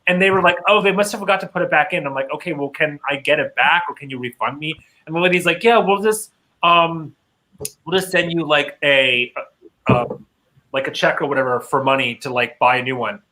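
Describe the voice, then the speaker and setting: A man's voice: fairly high pitch, a little fast, pushed and bright, poor audio. A man co-hosting a podcast, telling a story in chatty casual talk full of fillers and swearing. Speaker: podcast co-host.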